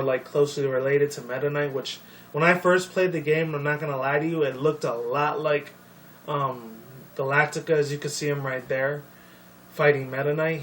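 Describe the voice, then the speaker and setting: A young man rambling casually about a video game series, swearing often and filling pauses with ums and likes. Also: a little high. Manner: profane, rambling, many fillers. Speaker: video commentator. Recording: distant mic with faint noise.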